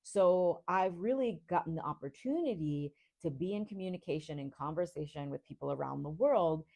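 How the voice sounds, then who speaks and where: An American woman from Rhode Island, hosting a coaching podcast and teaching in a slow, deliberate, articulate way. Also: low-pitched, expressive, vocal fry, dark tone. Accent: neutral American, Rhode Island traces on a few words. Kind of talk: teaching monologue.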